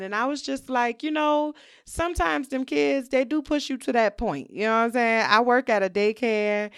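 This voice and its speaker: A woman hosting a solo podcast, talking candidly and reflectively in a relaxed conversational way, often saying "you know". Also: a little high, normal speed, clear, resonant tone, no room sound, studio quality. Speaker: podcast host.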